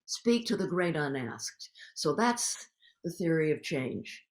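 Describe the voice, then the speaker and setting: An older woman, a guest activist in a recorded public conversation, telling stories in an animated, emphatic way. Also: deep voice, slow pace.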